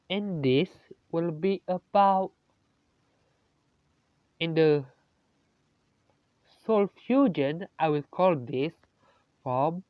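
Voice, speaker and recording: A slow, halting storyteller who improvises a fan story and keeps correcting themselves mid-sentence. The voice sits at an ordinary pitch and is close and dry, with no room sound. The recording is dull and lo-fi. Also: no room sound.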